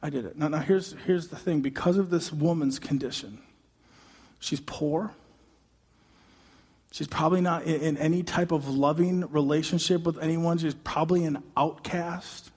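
A man preaching a sermon, dramatic and animated, acting out the voices of the people in the story. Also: a little high, normal speed, slightly rough. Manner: dramatic, acts out voices, builds to shouting. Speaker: pastor. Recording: long hall reverb.

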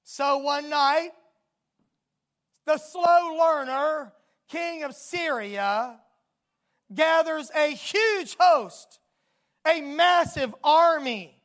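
A preacher delivering a sermon, telling a story dramatically and bursting into emphatic shouts. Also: high-pitched.

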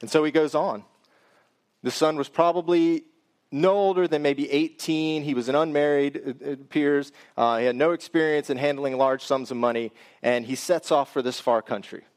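A man's voice: on the high side, normal speed. A man preaching a sermon, reading scripture and then explaining it in a conversational way that speaks directly to the congregation.

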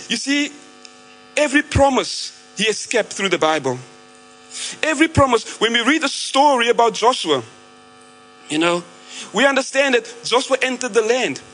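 A man's voice: very high-pitched, a bit bright, low-quality recording. An Australian man preaching a sermon, telling a story conversationally with frequent fillers and restarts.

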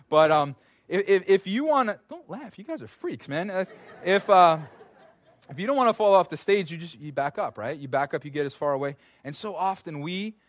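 A man in his thirties preaching a sermon in a lively, conversational way, full of asides and restarts. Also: fairly high pitch, no room sound. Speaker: pastor.

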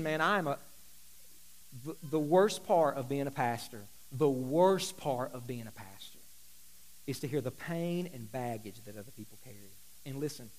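A man preaching as a pastor, moving between quiet, intimate asides and loud, emphatic declarations. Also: mid-range voice, low-quality recording. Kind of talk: sermon.

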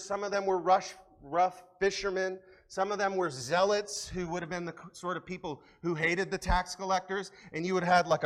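A man preaching a sermon as pastor, conversational and earnest, rising to emphatic peaks. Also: high-pitched.

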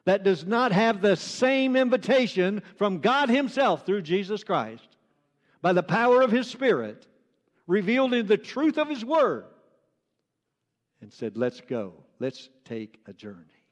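A male pastor with a notably high voice delivers an earnest sermon. He circles back and repeats phrases to drive each point home. His words ring out with a long reverb in a church hall. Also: very animated, measured pace.

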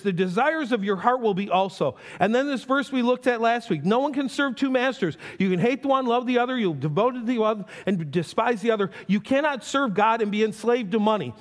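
A man preaching a sermon as pastor, animated and playful, slipping into quick quoted voices. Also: sits high, in a large hall.

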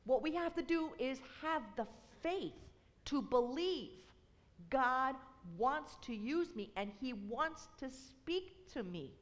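A woman's voice: high voice, animated, takes it slowly. Woman, earnest testimony speaker, builds to fervent emphasis; reverberant hall sound. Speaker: university outreach representative. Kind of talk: personal testimony.

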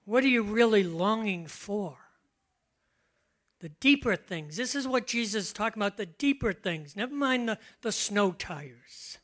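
An older man preaching a conversational sermon, relaxed and chatty, often laughing and slowing to stress key words. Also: sits high. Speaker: pastor.

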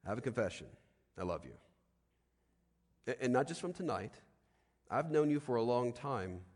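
A lovestruck, eccentric man, played by a preacher who pours out an earnest, tender plea. The voice is mid-pitched and carries a long hall reverb. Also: big pitch swings, moderate pace, a little mellow. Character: lovestruck eccentric man confessing his love.

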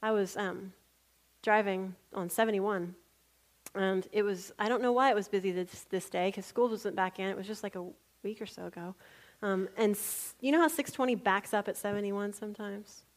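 A woman delivers a sermon built on personal stories, her voice sitting at an ordinary middle pitch. She talks in an animated storytelling way, laughs readily, and sinks to a near whisper when she quotes a prayer. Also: normal speed. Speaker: preacher.

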